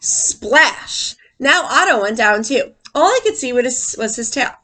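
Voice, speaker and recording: A woman teacher reads a picture book aloud to children with lots of animation, pausing to ask them questions. Her voice sits on the high side, and she reads a little slowly.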